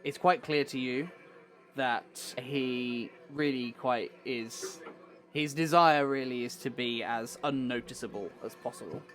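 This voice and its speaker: A man narrating as game master, describing scenes and non-player characters in a measured way. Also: medium pitch, fairly bright tone, soft background music.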